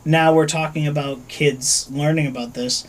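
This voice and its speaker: Animated, swearing male podcast host. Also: moderate pace, heavy background noise. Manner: animated, profane, big swings between mumbling low and loud high. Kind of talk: casual chat.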